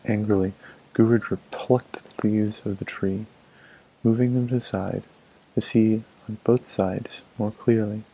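A man narrating a folk tale in a measured, expressive storybook manner. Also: on the low side, breathy edge, low-quality recording.

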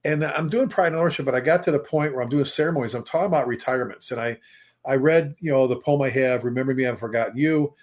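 A man's voice: mid-range voice, fast talker. A middle-aged man, a fire chief and author, telling stories emphatically as a guest in a casual podcast talk, now and then swearing. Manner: storytelling, emphatic, mild swearing.

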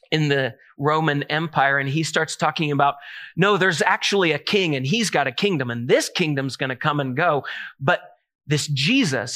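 A man preaching a sermon, telling a story in a lively, animated way with many asides. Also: a little high. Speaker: pastor.

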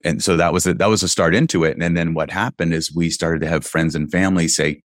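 A man's voice: low-pitched, steady tone, quick pace, dry recording, studio quality. A middle-aged man from California, telling his story as an interview guest in an earnest, reflective, casual way. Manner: earnest, reflective, with frequent "you know" fillers. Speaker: interview guest, real estate investing founder.

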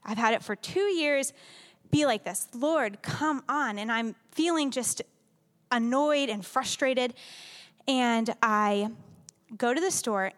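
A woman's voice: on the high side, a bit bright. A young woman giving a personal church testimony to a congregation, talking candidly and emotionally in a casual way. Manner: candid, conversational, emotional storytelling with many "like"s. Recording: long reverb of a large hall.

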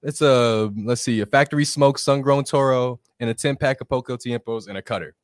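A man co-hosting a casual live-stream chat, expressive and quick to laugh. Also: mid-range voice, no room sound, clean studio sound. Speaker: co-host.

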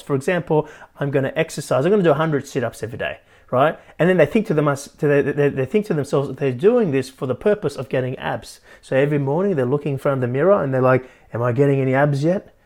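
A man hosting a motivational podcast as a life coach, talking animatedly and tagging his points with "right?". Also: a little high. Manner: keeps adding "right?", animated.

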